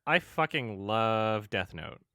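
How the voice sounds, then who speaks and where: A man co-hosting a casual podcast, his voice bright and clean with a crisp edge. He sounds relaxed and laughs easily, and he often trails off into fillers. The mic is close and dry. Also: lowish voice, takes it slowly, no room sound. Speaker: podcast co-host.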